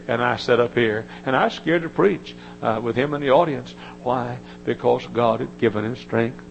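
An older man preaching a sermon, telling folksy stories and climbing into high, emotional quoted voices. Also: creaky, dull audio, slight background noise.

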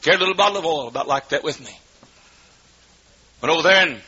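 A man preaching a sermon as pastor in a church, swinging between shouted fervor and hushed storytelling. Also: on the high side, animated, quick pace. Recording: dull lo-fi recording with faint noise.

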